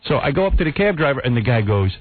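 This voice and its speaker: A radio host tells a long story, and his pitch leaps up and down as he acts out each line. His voice is a little husky. The sound is dry and narrow, like it comes over a phone line. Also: fast talker, no room sound. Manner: animated storyteller acting out quotes.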